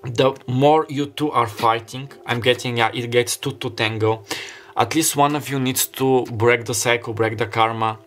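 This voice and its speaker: A man's voice: mid-range voice, fairly even intonation, moderate pace, fairly bright tone. Man reading tarot. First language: Bulgarian. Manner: rambling, heartfelt, searching for words. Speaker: tarot card reader. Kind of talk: pick-a-card tarot reading.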